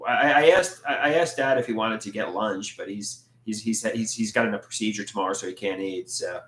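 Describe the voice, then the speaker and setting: A man's voice: fairly low pitch, a little fast, fairly bright tone. A man chatting casually on a livestream and reading out comments, often stammering and repeating his words. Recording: echoey room.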